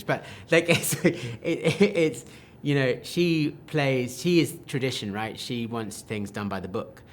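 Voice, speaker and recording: A man, a film director, answering interview questions with enthusiastic, animated talk full of restarts and quoted asides. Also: medium pitch, moderate pace, hardly any pauses, a little hiss or hum.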